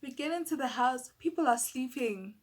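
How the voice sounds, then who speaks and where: A young South African woman telling a personal story to camera in a casual, animated, exasperated way. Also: high-pitched, moderate pace, background noise. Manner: animated, exasperated, lots of fillers and asides to viewers.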